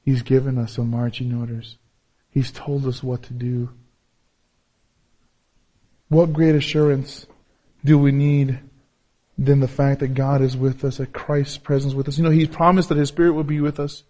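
A man preaching a sermon as pastor, repeating key phrases and swinging between loud, emphatic peaks and low, soft passages. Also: little pitch movement, normal speed, long pauses.

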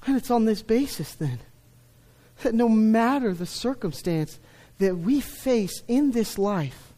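Slow, emphatic male pastor preaching. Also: sits high, lively intonation. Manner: emphatic, swings between loud stresses and hushed lines. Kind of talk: sermon.

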